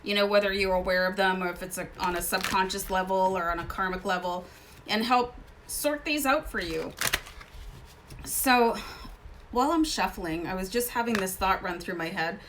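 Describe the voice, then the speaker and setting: A woman's voice: medium pitch, normal speed, a bit bright, a little hiss or hum. A woman living in Canada hosting a casual tarot card reading, talking in a chatty, rambling way with many asides. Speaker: tarot reader.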